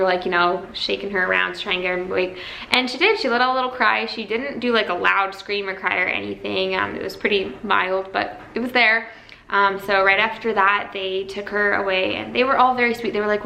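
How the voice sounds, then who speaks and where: A young woman talks casually to her viewers, warm-hearted and chatty, peppering her story with "like." Her voice is bright and forward. She sits in a roomy, echoey space with a faint hum of ambience behind her. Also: mid-range voice. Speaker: vlogger. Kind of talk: casual birth story vlog.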